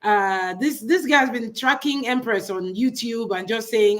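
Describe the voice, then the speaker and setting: A woman with a Nigerian accent co-hosts a casual gossip chat, speaking emphatically and mockingly and repeating words. Her voice is on the high side and a bit bright, and her pace is a little slow.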